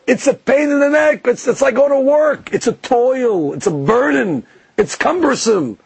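Guy putting on a snide complaining son, high husky voice, dry sound. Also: lively intonation, normal speed, a little mellow, no echo, full character voice. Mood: scoffing. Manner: sarcastic, complaining. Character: scoffing young son mocking the rituals.

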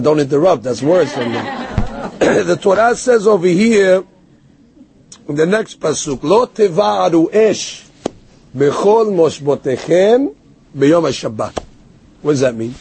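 A man's voice: a little high, lively intonation, normal speed, warm tone, slight background noise. A man giving a Torah lecture as a rabbi. He tells stories, quotes Hebrew verses and explains them, and answers a heckler with self-deprecating humor. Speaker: rabbi teaching a Torah class.

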